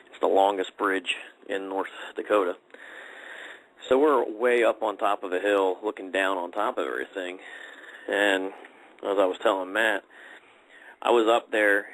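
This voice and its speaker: A man with a very low voice tells a story casually on a podcast. He rambles and restarts, with plenty of "uh" and "you know" between his thoughts. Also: fairly bright tone, rough recording. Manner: rambling, conversational, many fillers.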